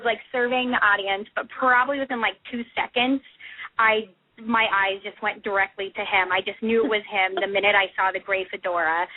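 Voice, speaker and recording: A woman's voice: mid-range voice, no room sound. Giggly young woman on a phone line. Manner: giggly, animated, acts out quoted voices. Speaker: podcast guest. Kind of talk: excited storytelling in a podcast chat.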